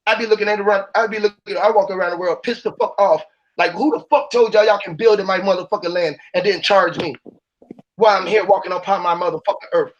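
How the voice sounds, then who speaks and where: A man's voice: high-pitched, a little hiss or hum. A man on a live call-in panel, delivering a profane, fired-up, preachy rant. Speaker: panel speaker.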